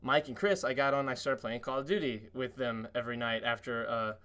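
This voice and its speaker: A man on a podcast telling excited stories with lots of cursing and fillers, acting out quotes in a much higher voice. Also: a little fast. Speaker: podcast guest. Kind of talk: casual podcast chat.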